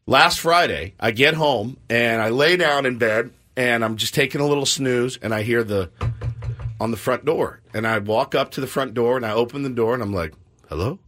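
Man, middle-aged, radio co-host, bright tone, animated storyteller. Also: medium pitch, normal speed. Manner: animated storyteller, acts out voices in his stories. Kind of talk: casual morning-show banter.

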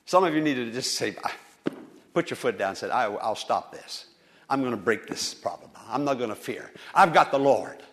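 A male pastor preaching a sermon to a congregation, swinging from soft, low lines to loud, high appeals. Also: expressive, normal speed. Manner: preaching with dramatic swings in loudness and pitch. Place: church.

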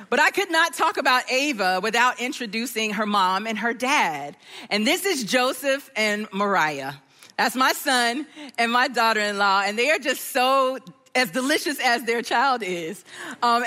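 A middle-aged woman speaks from a church stage in a high, bright voice. Her talk is animated and warm, with joyful outbursts, and the sound carries a long echo from a large church hall. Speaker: guest speaker. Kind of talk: sermon talk.

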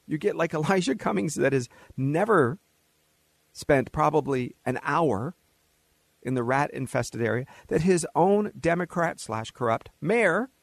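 Gravelly man on a talk show. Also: a little high, dry recording. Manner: animated, mocking, acts out quoted voices with laughs. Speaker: radio show host. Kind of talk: opinionated talk radio monologue.

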